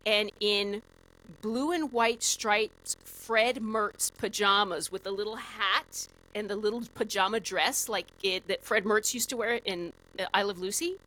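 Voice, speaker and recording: A woman guest on a podcast, telling a story in a lively, animated way with lots of "like" fillers. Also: mid-range voice, a little slow, rough recording. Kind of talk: casual storytelling.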